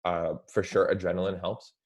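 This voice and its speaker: A young man with a very low voice chats casually as a guest on a talk show. He talks in a relaxed, rambling way and leans on "like" at nearly every turn. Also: normal speed, husky. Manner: relaxed, heavy use of "like" fillers. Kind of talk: casual chat.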